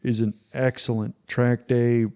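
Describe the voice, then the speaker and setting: A man with a mellow, warm tone at a middle pitch hosts a relaxed podcast chat. He talks in an opinionated, enthusiastic way and keeps restarting his sentences. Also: a little slow, clean tone. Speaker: podcast host.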